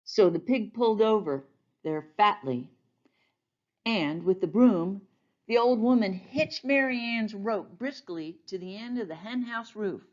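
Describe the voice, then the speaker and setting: Slow, gentle woman pastor reading a storybook. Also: mid-range voice, highs cut off. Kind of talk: storybook read-aloud.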